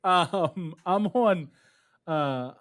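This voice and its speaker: A man's voice: high voice, drawn-out words, fairly bright tone. A man hosting a sports betting podcast, steering the picks in casual chat. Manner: runs the segment, laughs often. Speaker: podcast host.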